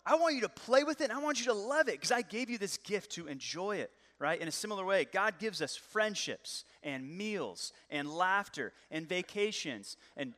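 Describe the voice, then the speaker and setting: Animated preacher in a big echoing hall. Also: male voice, a little high. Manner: casual, conversational, gets animated and loud. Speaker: pastor. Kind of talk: sermon. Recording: long reverb of a large hall.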